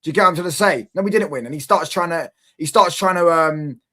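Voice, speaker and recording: Male reaction host, exasperated ranting, slightly high voice. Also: fast talker, bright, forceful tone. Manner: exasperated, repetitive, frequent rhetorical questions. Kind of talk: casual reaction rant.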